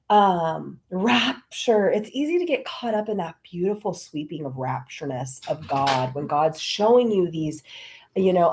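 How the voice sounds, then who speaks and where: A woman hosting a casual spiritual talk from her home, telling stories animatedly and acting out her conversations with God. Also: lowish voice. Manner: animated storytelling, acting out her talks with God in shifting voices. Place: at home, indoors.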